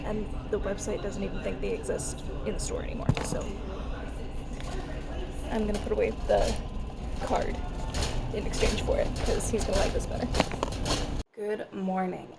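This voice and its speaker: A woman's voice: fairly high pitch, gravelly, heavy background noise. A young adult woman chatting through her day in a casual vlog, rambling with asides. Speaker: vlogger.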